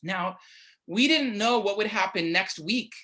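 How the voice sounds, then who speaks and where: Young woman, mid-range voice, relaxed talk-style church teaching, chatty delivery. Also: medium pitch, unhurried. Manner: casual, chatty, keeps asking "right?". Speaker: church speaker. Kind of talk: conversational midweek sermon.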